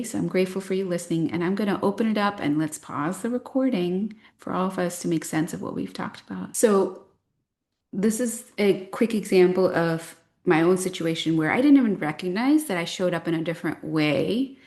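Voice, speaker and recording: A woman in her thirties with a fairly low voice speaks to a group of parents as their coach. She explains things in a calm, reflective way and draws on stories from her own life. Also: fairly quick.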